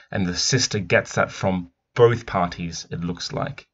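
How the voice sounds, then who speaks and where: A man's voice: sits low, fairly even intonation, normal speed, hardly any pauses, fairly bright tone. A man talking through a picture book as a teacher, musing and thoughtful as he reads and comments. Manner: thoughtful, musing, with frequent restarts. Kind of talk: read-aloud book analysis. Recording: dull lo-fi recording.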